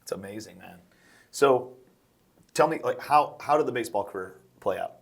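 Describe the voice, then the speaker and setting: A man's voice: medium pitch, lively intonation, moderate pace, gravelly, slightly rough. A man hosting a podcast, asking questions and encouraging his guest. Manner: encouraging, frequent affirmations. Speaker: podcast host. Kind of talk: interview questions and backchannel.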